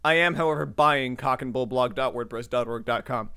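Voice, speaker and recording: A man's voice: mid-range voice, a little fast, bright, forceful tone, smooth, no room sound, clean studio sound. A man co-hosting a podcast, reading scripted history notes with joking asides and the odd slip of the tongue. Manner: reads notes with joking asides and occasional slips. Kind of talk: scripted history narration mixed with casual chat.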